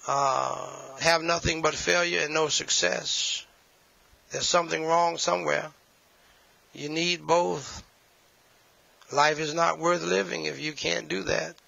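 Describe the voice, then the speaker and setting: A man's voice: fairly high pitch, vocal fry, sharp tone, no room sound, muffled recording. A man preaching a sermon, emphatic and repetitive, with folksy asides.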